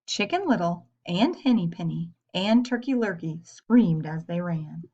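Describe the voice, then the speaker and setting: A woman reading a story aloud to children in a gentle way, pausing to ask her young listeners questions. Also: on the low side, husky. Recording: dull lo-fi recording.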